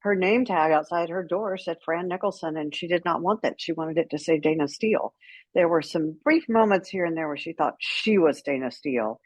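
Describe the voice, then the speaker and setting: Middle-aged woman, husky voice, lively storytelling, dry close sound. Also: lowish voice, fairly quick, dry recording. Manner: animated, acts out quoted dialogue with laughs. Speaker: guest, author. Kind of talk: candid conversational storytelling.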